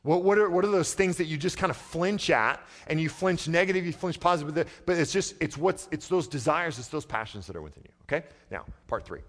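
A man preaching a sermon as pastor, talking in a conversational way and swinging from quiet, low passages to loud, emphatic ones. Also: animated, fairly quick, hardly any pauses. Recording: long hall reverb.

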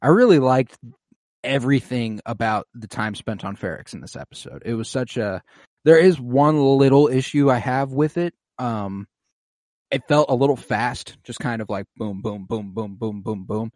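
A man co-hosting a podcast, casually recapping an episode with lots of swearing and animated retelling. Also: medium pitch, normal speed, dry recording, clean studio sound.

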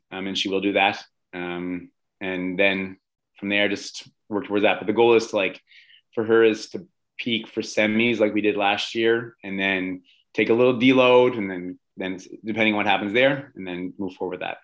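A male coach talks in a casual interview, his voice sitting low. He speaks with eager enthusiasm, padding his sentences with plenty of "um" and "like" as he goes. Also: fairly even intonation, normal speed, fairly bright tone, low-quality recording. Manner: enthusiastic, many fillers like "um" and "like".

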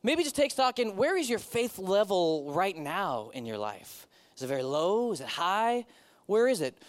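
Middle-aged pastor guy preaching, high voice that swings all over, chatty and joking. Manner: animated, conversational, self-mocking asides. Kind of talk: sermon.

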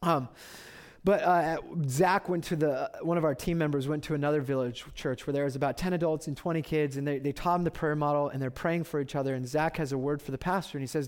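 A man in his thirties preaching a sermon, telling stories with loud excitement and then dropping to quiet reverence. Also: fairly high pitch, quick pace. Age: 30s. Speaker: pastor.

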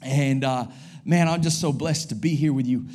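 A man in his forties with an American accent, preaching a sermon as a guest pastor to a church congregation, energetic and joking with frequent exclamations. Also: medium pitch, normal speed. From United States. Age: 40s. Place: church service.

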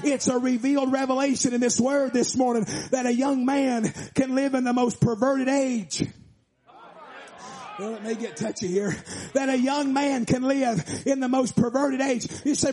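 A man preaching a revival sermon, shouting in a sing-song preaching cadence. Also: very high voice, fairly even intonation, moderate pace.

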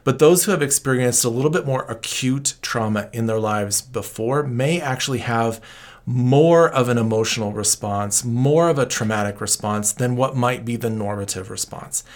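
A man in a mid-range voice, neither high nor low, talks through advice as a trauma counselor. His delivery is calm and explanatory, with a reassuring, counseling manner as he lays out practical steps. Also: normal speed. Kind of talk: interview answers.

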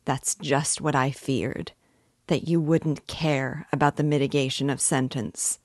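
Woman reading middle-aged male police investigator, earnest, fatherly, pleading, low voice, dry close sound. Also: fairly even intonation, a little slow, darkish tone, no room sound.

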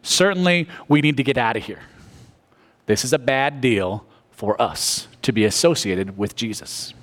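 Guy preaching at church, super animated, acts out all the characters, cracks little jokes, medium pitch. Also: measured pace. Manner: animated storytelling, acting out characters; jokey asides. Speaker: pastor. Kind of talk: sermon.

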